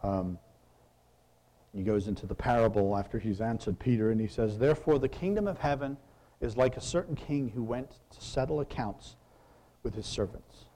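Man, preacher, conversational sermon, questions to the congregation, mellow warm tone. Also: medium pitch, moderate pace. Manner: conversational, asks the audience questions.

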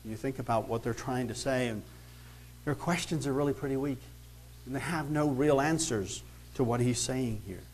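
A Bible teacher works through scripture verse by verse, reading passages aloud, then commenting conversationally and emphatically with rhetorical questions. His mid-range voice has a darkish tone at normal speed, and the low-quality recording carries slight background noise.

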